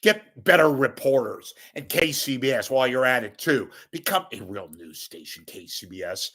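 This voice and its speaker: A man's voice: medium pitch, expressive, moderate pace, pushed and bright. A man delivering an angry, profane ranting monologue as a local media commentator.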